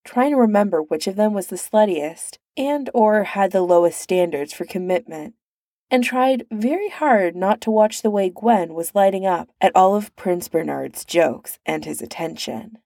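A woman narrating a story in an even, measured audiobook reading. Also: medium pitch, no echo, clean studio sound.

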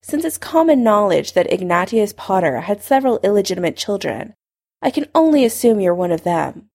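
A calm old headmaster wizard, as a woman narrator reads him in a storybook reading, measured and dry with a quiet, probing push. The voice sits at a middle pitch but swings widely in melody. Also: gravelly.

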